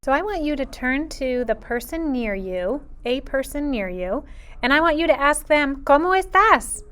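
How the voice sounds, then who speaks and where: A woman's voice: high voice, expressive, fairly bright tone. A woman teaching a Spanish lesson to preschool children in a sing-song, patient teacher voice, drawing out her phrases. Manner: slow, clear and patient. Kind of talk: video lesson for young children.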